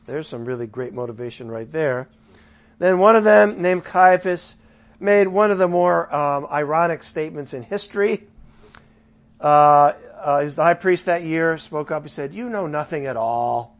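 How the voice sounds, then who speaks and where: A man leading a casual Bible study, paraphrasing scripture in his own words with chatty asides and swinging from loud to soft. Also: on the high side, normal speed, muffled recording. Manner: lively shifts from loud to soft.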